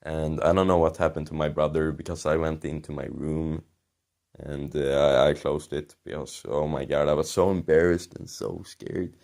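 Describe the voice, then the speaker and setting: Deep-voiced young man telling a rambling story. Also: level tone, normal speed, creaky, darkish tone. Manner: rambling, swears a lot, laughs at himself. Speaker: commentary channel host. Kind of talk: casual storytelling.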